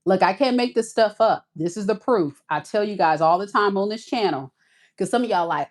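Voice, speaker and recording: A woman's voice: medium pitch, lively intonation, moderate pace. A woman hosting a tarot live stream, talking to viewers in a folksy, casual way and calling them y'all.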